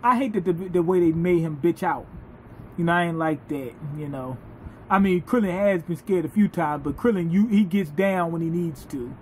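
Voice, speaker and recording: Male reviewer, high voice, animated and foul-mouthed casual recap. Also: moderate pace, a little hiss or hum. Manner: animated, profane, laughing storyteller. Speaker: anime reviewer.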